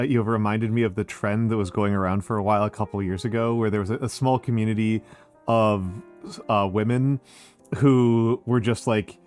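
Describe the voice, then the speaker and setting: A man's voice: on the low side, darkish tone. A man hosting a stream, chatting casually and laughing often. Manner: laughs often, loose and joking. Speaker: streamer host.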